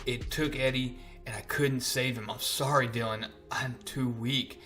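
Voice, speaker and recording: A man's voice: medium pitch, fairly even intonation, a little slow, sharp tone, soft background music. A man voicing a subdued, weakened alien symbiote.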